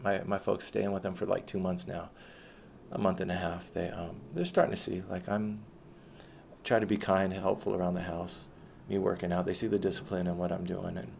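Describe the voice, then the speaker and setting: A man's voice: sits low, gravelly, darkish tone, slight background noise. A man telling a personal story in a blunt, rambling way, retelling conversations as he goes.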